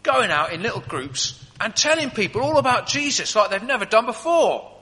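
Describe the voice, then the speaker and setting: A preacher voicing an eager, nosy Roman jail guard in a sermon skit; lively, fairly high and bright, ringing hall. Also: male voice, normal speed, heavily acted. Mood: curious. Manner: eager, chatty questioning. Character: curious male Roman prison guard.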